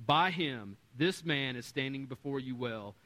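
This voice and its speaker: A man preaching a sermon as pastor, animated and self-deprecating, acting out the voices in the stories he tells. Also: medium pitch, unhurried, rough recording. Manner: animated, self-deprecating humor, acts out quotes. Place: church sanctuary.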